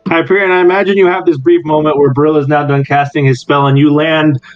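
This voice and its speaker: A man narrates a tabletop game as its game master, breaking into laughs along the way. His voice sits a little high. It comes through a dull, lo-fi mic with faint music behind. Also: steady tone, fairly quick. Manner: laughs often while narrating. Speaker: dungeon master.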